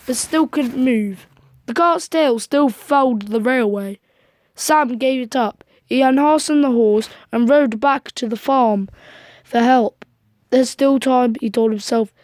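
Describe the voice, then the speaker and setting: Lady reading a kids' story, slow and high, real dry sound. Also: a little mellow, no room sound. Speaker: storybook reader. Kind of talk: children's story read-aloud.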